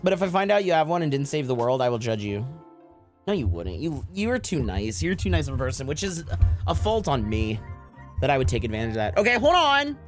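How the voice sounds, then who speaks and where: Animated, rambling male streamer. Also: mid-range voice, a little fast, soft background music. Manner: rambling, joking, profane, frequent laughter. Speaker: live streamer. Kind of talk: casual chat to stream viewers.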